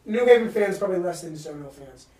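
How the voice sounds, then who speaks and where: A man's voice: sits high, expressive, fast, darkish tone, far from the mic. A man from New England hosting a podcast, telling a trip story in casual chat, rambling and swearing freely. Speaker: podcast host. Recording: roomy sound from off-mic.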